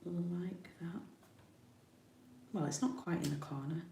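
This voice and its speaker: Uk lady chatting thru a craft demo, lowish gravelly voice, bit of echo in the room. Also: fairly even intonation, slow, mellow, slight background noise. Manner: chatty, thinks aloud while working. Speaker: card-making demonstrator. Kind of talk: live craft tutorial. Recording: roomy home recording.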